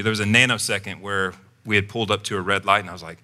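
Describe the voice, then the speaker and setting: Talking very fast in a lowish voice, a male pastor shares a personal story during his sermon, keeping it conversational and acting out his own words with animation whenever he quotes himself.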